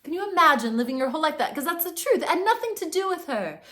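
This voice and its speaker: A young woman with a fairly high voice gives an earnest spiritual pep talk. Her delivery drifts from hushed, near-whispered lines to bright emphatic bursts. She rambles and restarts, effusive and heartfelt. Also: very animated, quick pace, slight background noise. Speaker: poetry and manifestation teacher.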